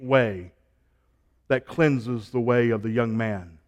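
A man preaching a sermon, stacking emphatic repeated phrases and dropping to a low, quiet delivery between them. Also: slow pace, long pauses.

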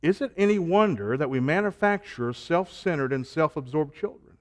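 Male preacher, slightly high voice, rhythmic emphatic sermon delivery. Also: lively intonation, normal speed. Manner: rising to emphatic repeated lists, then dropping low.

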